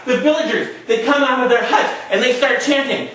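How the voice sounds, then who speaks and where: A male storyteller performing a tale dramatically, with shouted sound effects. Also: very high-pitched, a little fast. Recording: echoey room, mic far off.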